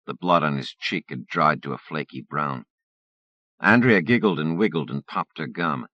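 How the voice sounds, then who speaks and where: A man narrating a first-person short story for an audiobook in a lively, expressive way. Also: very deep voice, moderate pace, no room sound, highs cut off.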